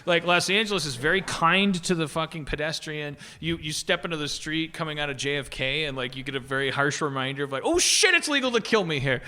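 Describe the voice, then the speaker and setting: A man's voice: fairly high pitch, steady tone, quick pace, few pauses, pushed and bright, clear, resonant tone. A man hosting a comedy podcast, riffing casually with lots of "like," restarts and swearing. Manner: rambling, repeats "like" and restarts, swears. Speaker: podcast host. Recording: live podcast stage.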